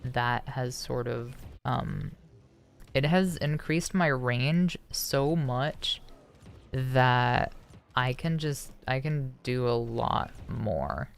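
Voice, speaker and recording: A young adult streamer chats through voice practice in a feminized voice, built up after male puberty. The delivery is slow and full of restarts. The tone is smooth and resonant with a gravelly edge. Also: medium pitch. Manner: hesitant, many restarts and throat clearing. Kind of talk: casual livestream chat.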